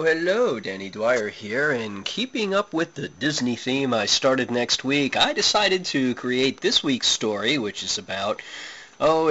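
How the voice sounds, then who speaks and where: A man reading his own comic short story aloud with a wry, deadpan delivery. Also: mid-range voice, lo-fi sound.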